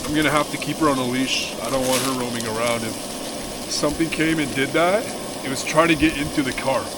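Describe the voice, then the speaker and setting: A man's voice: mid-range voice, brisk, heavy background noise. Casual young man vlogging outdoors. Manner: casual slang, swears, excitable when startled. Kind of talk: casual camping vlog. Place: outdoors at a wilderness campsite.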